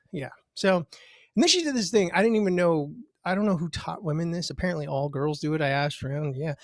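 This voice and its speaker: Animated male stand-up comic on a video call. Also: fairly quick, no echo, clean studio sound. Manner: animated, jumps up in pitch for quoted voices. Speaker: stand-up comedian. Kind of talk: stand-up comedy set. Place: home, virtual show.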